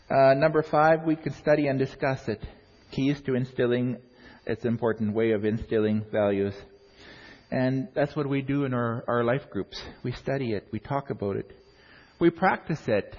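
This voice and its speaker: A middle-aged man preaching a sermon in a church, earnest, working through numbered points with frequent restarts. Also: mid-range voice. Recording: dull audio in a long-echo hall.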